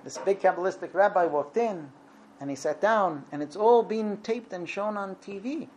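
A man in his thirties telling a religious story in a casual, lively way, acting out the voices of the people in it. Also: sits high, moderate pace, slight background noise. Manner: lively, acts out quoted voices. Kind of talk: storytelling talk.

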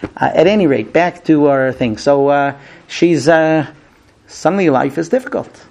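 A man with a somewhat raised pitch lectures a room of listeners on married life. He is humorous and animated, slipping into acted-out dialogue between filler words. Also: unhurried, gravelly. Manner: humorous, acts out quoted dialogue, many fillers. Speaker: teacher giving marriage advice to grooms. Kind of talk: lively lecture to a small class. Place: room with a live audience.

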